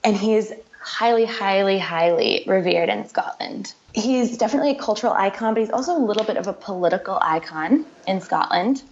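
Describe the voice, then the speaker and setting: A woman's voice: mid-range voice, a little fast, few pauses, darkish tone. Woman guest chatting away, explains stuff, repeats herself a bit, kinda dull lo-fi audio. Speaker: podcast guest. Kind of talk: casual interview chat. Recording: dull lo-fi sound.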